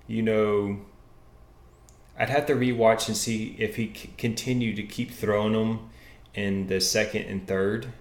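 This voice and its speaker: A man hosting a casual livestream and giving deliberate, analytical commentary. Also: fairly low pitch, echoey room. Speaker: host.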